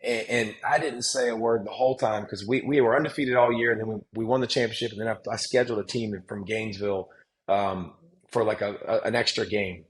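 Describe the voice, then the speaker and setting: Animated man telling stories. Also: lowish voice, a little fast, low-quality recording. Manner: animated, emphatic storytelling with frequent restarts. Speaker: guest, former football player and analyst. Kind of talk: casual podcast conversation.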